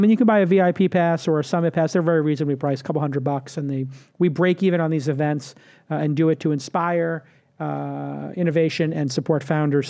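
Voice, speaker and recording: Guy hosting a podcast roundtable, kinda high voice, upbeat and salesy, jokey. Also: darkish tone. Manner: upbeat, promotional, joking. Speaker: podcast host. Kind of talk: casual roundtable chat.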